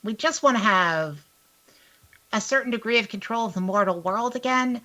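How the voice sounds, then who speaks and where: A woman voicing a grumpy, blunt hawk spirit in a tabletop game, speaking in a flat, matter-of-fact way. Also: a little high, moderate pace, voice pushed up. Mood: defensive.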